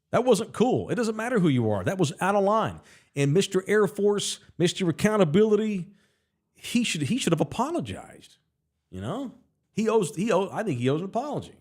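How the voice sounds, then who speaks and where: A Texas sports radio host rants bluntly, heatedly and profanely on a casual, opinionated sports talk show, also reading out listener comments. His high-pitched voice swings hugely in pitch, moves briskly and sounds a little mellow.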